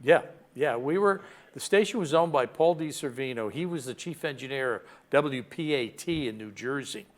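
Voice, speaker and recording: A man's voice: medium pitch, animated. Encouraging older male radio host. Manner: encouraging, quick to agree. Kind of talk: casual interview chat.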